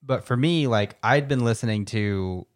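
A man's voice: medium pitch, moderate pace. A man co-hosting a podcast, chatting casually in a rambling way full of fillers. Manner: rambling, filler-heavy, restarts often. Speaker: podcast co-host. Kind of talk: casual chat.

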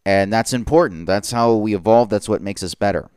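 A man's voice: lowish voice, fairly quick, darkish tone, clear, resonant tone, dry recording, clean studio sound. A man hosting a podcast, talking in a casual, earnest monologue with occasional stumbles and repeated words.

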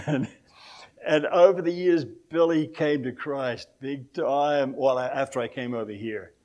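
Older Australian preacher telling stories. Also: male voice, medium pitch, normal speed, a little mellow. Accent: Australian, softened by years in America. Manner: rambling storyteller, chuckles often. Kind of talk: anecdotal sermon. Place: church.

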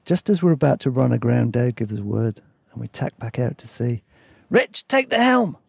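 A man's voice: mid-range voice, brisk, creaky, mellow, slightly rough, no room sound, clean studio sound. A man reading his own travel memoir aloud in a laid-back, chatty way, breaking off for asides and self-corrections. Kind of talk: casual story reading.

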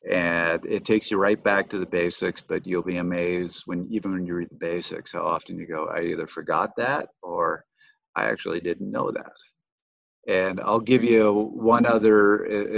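A man's voice: low-pitched, vocal fry, no echo. Man with a dull, dry lo-fi sound. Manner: measured, explanatory storyteller. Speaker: cycling coach and former pro racer, podcast guest. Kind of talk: casual interview storytelling. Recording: dull, dry lo-fi remote audio.

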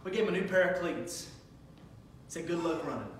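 A man in his thirties preaching a sermon to his church, moving from conversational talk to shouted exhortation. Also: a little high, expressive, brisk, very echoey, distant mic, slight background noise, low-quality recording. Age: 30s. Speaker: pastor. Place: church sanctuary.

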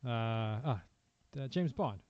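A man's voice: medium pitch, takes it slowly, no echo. A man co-hosting a podcast, joking around in casual chat. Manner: jokey, animated. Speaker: podcast co-host. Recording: dull lo-fi sound.

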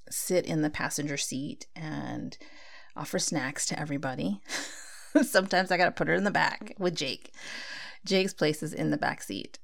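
A woman's voice: deep voice, vocal fry. A woman giving a casual spiritual talk, speaking conversationally and acting out her own inner dialogue.

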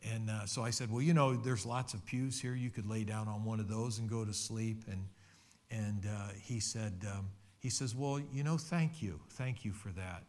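A man's voice: on the low side, moderate pace, a little mellow. Earnest man preaching a testimony. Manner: conversational, earnest storytelling with many restarts. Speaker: pastor. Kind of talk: sermon with personal testimony.

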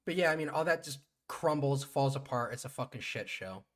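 A man's voice: lively intonation, fairly quick, fairly bright tone. A man co-hosting a podcast, telling a show's events in casual, profane chat. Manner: profane, storytelling, mimics people in high voices. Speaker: podcast co-host.

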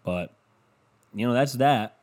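A man's voice: mid-range voice, slow pace, darkish tone. A man host delivering a profane, exasperated ranting monologue, repeating his points for emphasis and throwing crude insults.

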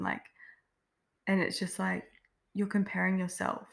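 A woman co-hosting a self-development podcast, talking in a relaxed, reflective way with many fillers. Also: mid-range voice, unhurried, vocal fry. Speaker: podcast co-host. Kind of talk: casual podcast chat.

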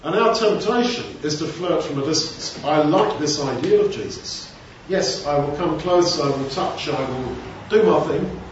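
A man's voice: a little high, normal speed, hardly any pauses, a little hiss or hum. A man giving an informal Bible teaching, talking conversationally with rambling asides. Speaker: preacher. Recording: echoey room, distant mic, dull sound.

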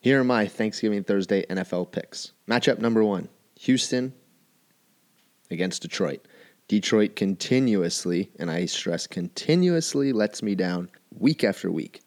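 A man's voice: lowish voice, lively intonation, normal speed, a little mellow. A man hosting a solo football betting show, giving his picks in an emphatic way and repeating key phrases. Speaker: sports betting show host. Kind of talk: solo sports picks commentary.

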